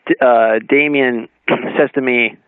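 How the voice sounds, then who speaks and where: A man, an author guest on a radio talk show, telling an anecdote in a lively way, acting out dialogue and laughing often. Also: mid-range voice, slow, smooth, no echo. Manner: animated storyteller, acts out dialogue, laughs often. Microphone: phone call-in. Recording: narrowband phone line, dry.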